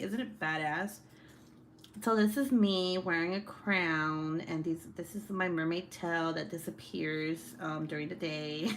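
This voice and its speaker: A woman's voice: on the low side, slight background noise. A woman hosting a casual livestream, reading out chat comments, laughing often and swearing freely.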